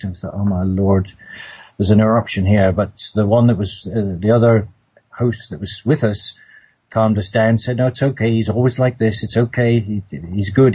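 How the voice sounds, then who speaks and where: A man recounts a personal trip in a casual, hesitant way, often repeating words and restarting. His voice is fairly low and warm with a breathy edge, and the audio is poor.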